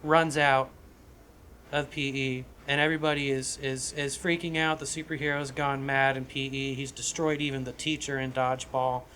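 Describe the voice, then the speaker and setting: A man talks through a script idea for his podcast, rambling and profane and restarting his sentences. His voice is bright and forward, and a faint hum of ambience sits behind him. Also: medium pitch, level tone, normal speed. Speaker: podcast co-host. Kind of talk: casual chat pitching a script.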